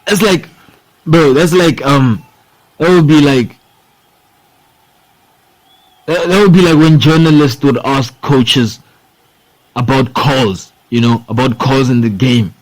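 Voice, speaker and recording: A man's voice: mid-range voice, measured pace, low-quality recording. A young man hosting a sports podcast, rambling in casual talk, swearing freely and saying "bro" and "dude" a lot. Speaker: podcast host.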